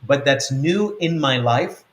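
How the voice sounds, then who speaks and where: A man's voice: mid-range voice, lively intonation, slow pace, roomy sound. A man giving a spiritual teaching talk as an apostle. He speaks earnestly and repeats his points. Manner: earnest, repetitive, acts out quotes.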